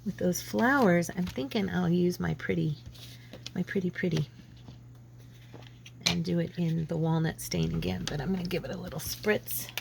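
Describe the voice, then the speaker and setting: A woman's voice: on the low side, moderate pace, creaky, background noise. Chatty woman with a head cold. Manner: chatty, rambling, self-deprecating. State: lingering head cold, sneezing and coughing. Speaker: craft channel host. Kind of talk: casual crafting chat.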